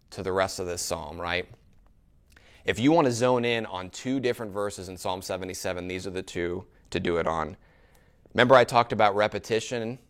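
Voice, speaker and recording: A man preaching a sermon in a church. He is animated, asks the congregation questions and often adds "right?". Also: on the low side, clean tone. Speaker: pastor.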